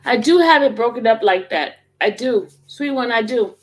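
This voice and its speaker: A woman's voice: a little high, lively intonation, normal speed. A woman hosting a livestream, talking casually and rambling straight to her viewers. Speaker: livestream host.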